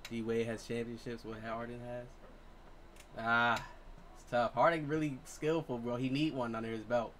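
A young man streams a basketball video game from his home setup and keeps up a loose running commentary. He trash-talks opponents and chats with viewers in easy street slang, at a medium pitch. A faint hiss sits under his voice. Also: flat delivery, moderate pace, fairly bright tone. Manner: loose slangy trash talk to teammates and chat. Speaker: live-streaming gamer. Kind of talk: casual live game commentary.

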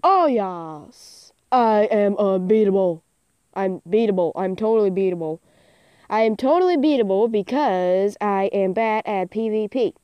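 A teenage girl giving casual, self-mocking commentary over her own game, sometimes bursting into loud cheers. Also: mid-range voice, normal speed, clean tone, no echo, muffled recording. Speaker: gaming channel host. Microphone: phone screen recording.

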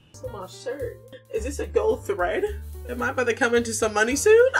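A woman's voice: on the high side, moderate pace, faint music behind. A woman hosting a horror game channel, yelping at scares and teasing the game characters in slangy talk. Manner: loud, jumpy, yelps and shouts at scares. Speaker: gaming channel host.

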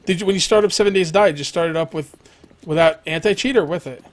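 A man's voice: on the high side, fast. A young man streaming a survival game live, rambling, joking, thanking followers and swearing at the game.

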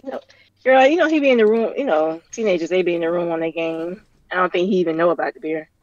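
A woman's voice: fairly low pitch, fast talker, a little mellow, highs cut off. A woman co-hosting a casual podcast from a remote call, telling a story with a lot of laughter. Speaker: podcast co-host.

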